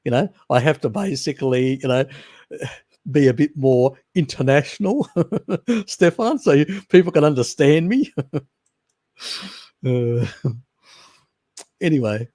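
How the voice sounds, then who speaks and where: A man's voice: medium pitch, lively intonation, measured pace, pauses often, dark tone, dry recording, clean studio sound. An Australian man hosting a live stream, chatting loosely and answering viewer questions with restarts and chuckles. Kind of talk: casual chat, reading and answering viewer questions.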